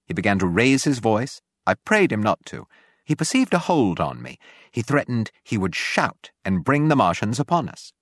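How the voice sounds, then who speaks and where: A man reads a novel aloud in a measured, grave manner, his voice sitting low. The recording is dry and close, with no room sound. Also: sing-song, no room sound. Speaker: narrator. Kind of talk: audiobook narration.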